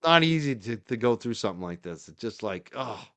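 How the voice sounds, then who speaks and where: A man's voice: mid-range voice, sing-song, a little fast, pushed and bright. A man hosting his own livestream show, talking casually and emotionally, moved and grateful, then indignant. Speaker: podcast host.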